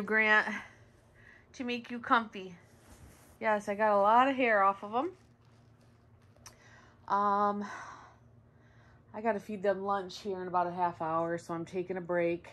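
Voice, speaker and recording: A woman with a medium-pitched, slightly bright voice hosts a home vlog, grooming her dog indoors and cooing at it between rambling, chatty asides. She is in a sunny room by the windows, recorded by a camera nearby.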